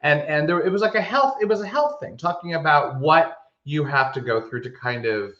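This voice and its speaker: A man co-hosting a podcast in casual chat, telling stories with animated emphasis and frequent restarts. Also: a little high, moderate pace. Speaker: podcast co-host. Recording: echoey room, dull lo-fi sound.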